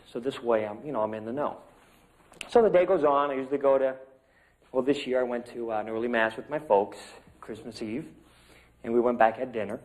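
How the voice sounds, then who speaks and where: A man's voice: medium pitch, darkish tone, rough recording. Chatty man telling a story in class. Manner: casual, chatty, with salty words and fillers. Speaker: acting student.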